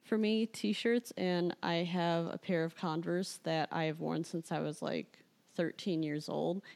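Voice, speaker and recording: A woman's voice: fairly low pitch, steady tone, measured pace, creaky, a little mellow. A young adult woman hosting a casual podcast chat, talking chattily with lots of "like". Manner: chatty, filler-heavy with frequent "like". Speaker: podcast host.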